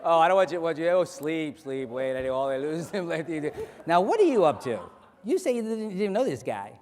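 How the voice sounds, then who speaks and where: A man hypnotizing volunteers on stage, rattling off rapid, repetitive suggestions. His voice sits fairly high and the pace is very quick. It rings out through a large hall with a lingering echo. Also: big pitch swings, a little mellow. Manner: commanding, playful with volunteers. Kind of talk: live hypnosis stage show. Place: large hall before an audience. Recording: echoey hall, live stage.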